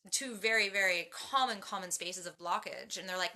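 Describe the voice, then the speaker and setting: A woman's voice: medium pitch, fairly quick, few pauses, sharp tone. A woman in a casual behind-the-scenes chat, talking animatedly, acting out quoted dialogue and rambling with fillers and restarts. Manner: chatty, with many fillers and restarts. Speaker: transformation coach.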